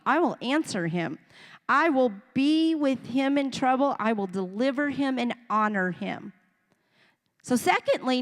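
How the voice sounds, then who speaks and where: Woman preaching in a reverberant hall. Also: on the high side. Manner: storytelling, animated, acts out voices of children and parents. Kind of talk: sermon. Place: church sanctuary. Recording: long reverb of a church hall.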